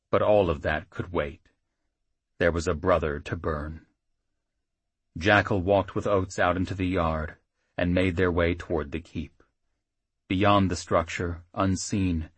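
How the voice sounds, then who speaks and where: A man narrating a fantasy audiobook in a measured, steady way. His voice is very deep with a husky grain, recorded close and dry with no room sound. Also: dry recording.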